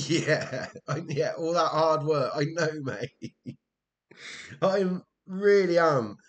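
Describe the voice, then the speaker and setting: A man's voice: on the high side, takes it slowly. A man from Wales giving casual commentary while playing a game, talking to himself, exasperated and swearing. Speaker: gameplay commentator.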